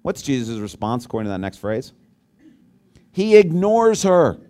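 A man preaching a sermon as pastor, talking conversationally and asking the congregation questions, swinging between loud emphasis and quiet low asides. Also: very animated, moderate pace.

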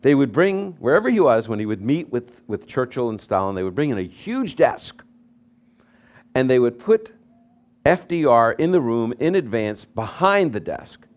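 A pastor preaching a sermon, telling stories with lively swings between loud emphasis and soft asides. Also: male voice, medium pitch, normal speed, lo-fi sound.

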